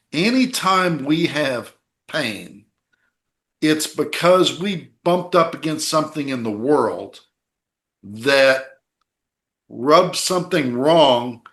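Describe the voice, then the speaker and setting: A man hosting a spiritual podcast, explaining ideas in a calm teaching way and checking in with "okay?" and "right?". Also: mid-range voice, echoey room. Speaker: podcast host and author.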